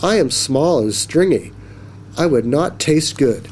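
A man doing a spunky, high-voiced little girl. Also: expressive, a little slow, a little mellow, slight background noise. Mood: eager. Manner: high eager exclaiming voice. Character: spunky brave little girl, bright and quick.

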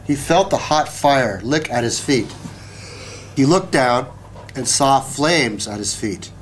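Slow-reading male storyteller. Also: mid-range voice, lively intonation, a little hiss or hum. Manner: slow, deliberate. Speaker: narrator. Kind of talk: children's story read aloud.

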